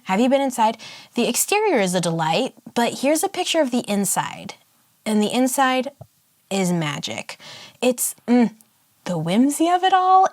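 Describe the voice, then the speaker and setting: A woman chatting casually about a sketch, playful and excitable, with quick asides. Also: mid-range voice. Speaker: art vlogger. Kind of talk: casual chat while sketching.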